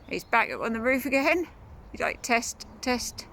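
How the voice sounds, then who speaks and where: A woman filming her cat in a cold outdoor garden on her phone, cooing at it in a high sing-song. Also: very animated, moderate pace, creaky, fairly bright tone. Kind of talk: casual vlog talk to a pet. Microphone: phone camera held by her.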